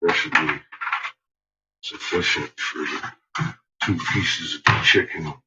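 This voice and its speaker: A man vlogging while he cooks in his home kitchen, talking in a hushed mutter and swearing under his breath. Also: rumbling low, steady tone, takes it slowly, over loud music. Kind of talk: casual cooking vlog. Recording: roomy, distant, dull lo-fi audio with noise. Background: dogs and kitchen clicks.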